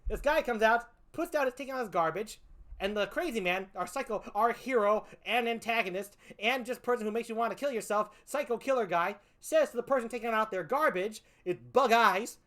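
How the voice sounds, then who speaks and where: A woman's voice: a little high, fairly quick, fairly bright tone. A woman comedian doing a stand-up routine, profane, exasperated and mocking as she picks apart a film.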